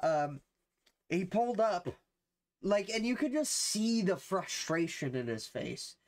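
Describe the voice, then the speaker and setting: A man's voice: high-pitched, sing-song, slow, a little mellow. A young adult man chatting casually to his livestream viewers, rambling and slangy, with frequent swearing and fillers.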